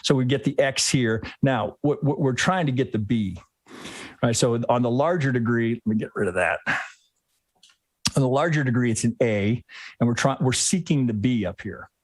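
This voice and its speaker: A man's voice: mid-range voice, normal speed, no room sound. A man in the middle of his range, walking through a trading chart live. He thinks aloud, restarts his sentences and keeps checking in with "right?". The sound is dry and close, with no room in it. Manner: rambling, thinks aloud, tags lines with "right?"; frequent restarts and self-corrections. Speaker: trading instructor hosting a live chart review. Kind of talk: live screen-share chart analysis.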